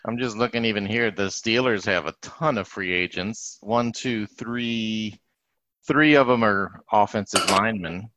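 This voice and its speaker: A man's voice: on the low side, a little slow, fairly bright tone. A man talking casually on a sports podcast, often hedging with "I mean". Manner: conversational, hedges with "I mean". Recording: slightly dull lo-fi sound.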